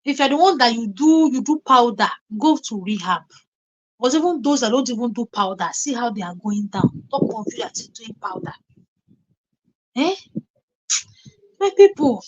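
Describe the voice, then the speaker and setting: A woman's voice: a little high, low-quality recording. A young Nigerian woman hosting her own channel, talking casually on a live stream and breaking into pidgin exclamations and laughter as she tells stories. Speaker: YouTube reaction channel host.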